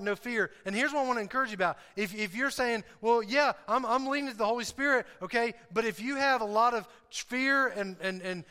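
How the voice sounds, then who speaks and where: A man preaching a sermon as pastor, animated and emphatic, often repeating his key phrases. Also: sits high, big-room sound.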